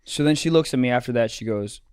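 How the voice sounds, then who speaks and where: A man co-hosting a comedy podcast, telling a story in a casual, animated way and acting out the dialogue. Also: medium pitch, fast talker, clear, resonant tone, dry recording, clean studio sound. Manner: animated, acts out dialogue in quotes.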